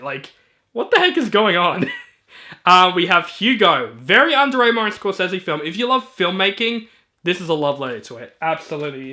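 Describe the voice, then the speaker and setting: Bright, high-voiced enthusiastic man. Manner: chatty and enthusiastic, with filler ums and quick asides. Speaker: movie reviewer. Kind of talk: casual collection walkthrough.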